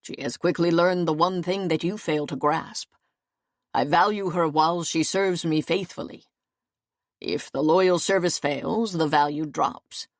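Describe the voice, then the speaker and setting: A woman narrator voicing a stern, commanding medieval lord who speaks with measured, cold authority. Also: deep voice, no echo, studio quality.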